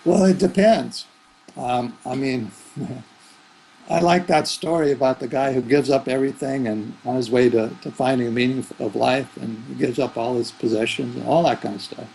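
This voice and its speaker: A man's voice: mid-range voice, fairly even intonation, normal speed, gravelly, a little mellow, husky, poor audio. A man who is a spiritual teacher, giving rambling, thoughtful answers in an interview. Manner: rambling, thoughtful, with fillers and restarts.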